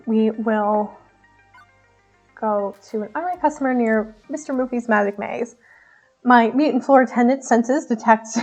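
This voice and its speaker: A woman streams herself reading a visual novel aloud, narrating playfully and giggling at her own stumbles. Her voice sits high. Faint music plays behind her. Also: highs cut off. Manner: giggly, playful, self-mocking.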